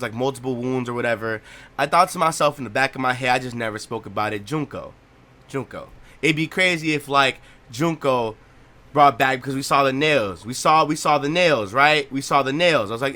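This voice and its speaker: Sharp in tone and medium in pitch, this young let's play host vents about a game from his gaming setup at home. His reaction rant is blunt, full of profanity, and repetitive.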